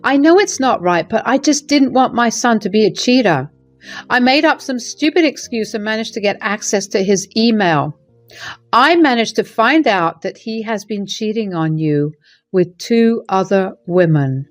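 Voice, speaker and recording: A woman voicing a remorseful middle-aged mother-in-law who speaks gently and apologetically. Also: on the high side, animated, moderate pace, soft background music, lightly acted. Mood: worried.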